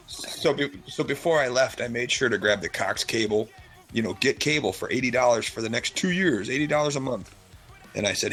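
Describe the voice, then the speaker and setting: A man's voice: on the low side, a little fast, fairly bright tone. Male podcast co-host, casual storyteller, acts out dialogue, faint music underneath. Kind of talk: casual chat.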